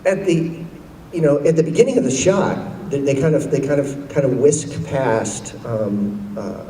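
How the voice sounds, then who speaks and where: Man telling an anecdote, slow, halting, roomy hall, distant mic. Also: medium pitch, mellow. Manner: rambling storyteller, many fillers. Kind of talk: anecdote to an audience. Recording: roomy hall, far from the mic, faint noise.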